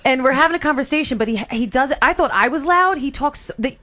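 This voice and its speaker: A woman on a radio morning show who talks quickly and laughs often. Her voice sits fairly high for a woman. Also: expressive, pushed and bright. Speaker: radio show cast member. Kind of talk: casual on-air banter.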